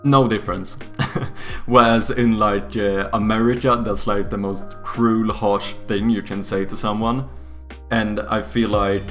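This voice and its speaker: A man chats slowly on a live stream while working on a game, thinking out loud and cursing casually. His voice sits a little low, and soft music plays underneath. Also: steady tone. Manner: thinks aloud, swears casually. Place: home streaming setup.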